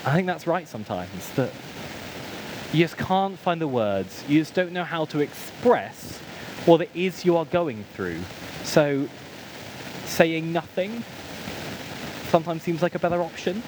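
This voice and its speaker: A British man preaching in a church, telling personal stories with gentle self-mockery and lots of ums. His voice sits a little high and rises and falls freely. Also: expressive, a little slow, pauses often, background noise. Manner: self-deprecating, storytelling with humorous asides and frequent ums. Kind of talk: sermon.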